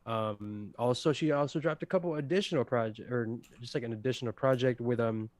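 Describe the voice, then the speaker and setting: A man's voice: mid-range voice, fairly quick, a little mellow, no echo. A young man co-hosting a casual livestreamed podcast, rambling with lots of fillers and easy laughter. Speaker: podcast co-host presenting awards.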